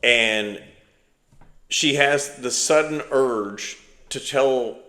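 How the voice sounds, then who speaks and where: A middle-aged man co-hosting a podcast, telling a story in a rambling, animated way. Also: medium pitch, drawn-out words. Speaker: podcast co-host. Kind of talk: casual storytelling chat. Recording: echoey room.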